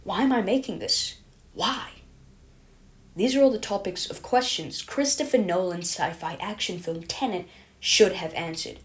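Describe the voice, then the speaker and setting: A woman's voice: medium pitch, a little slow. A woman reading her own video essay in a scripted, self-mocking, rambling way, stumbling over words and correcting herself.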